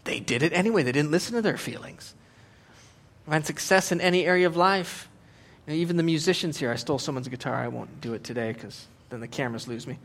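A man's voice: fairly high pitch, fairly quick. A man in his forties preaching a humorous sermon in church, joking and acting out quotes. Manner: joking, animated, acts out quotes. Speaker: pastor.

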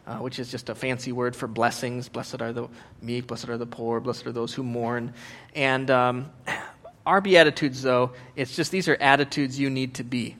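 A man's voice: mid-range voice, normal speed. A man in his forties preaching a humorous sermon in church, joking and acting out quotes. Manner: joking, animated, acts out quotes. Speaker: pastor.

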